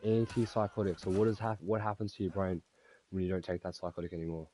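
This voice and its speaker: A man's voice: deep voice, flat delivery, fast, dark tone, slight background noise. A young man with an Australian accent, ranting profanely and rambling while he plays a game. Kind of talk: casual rant while gaming.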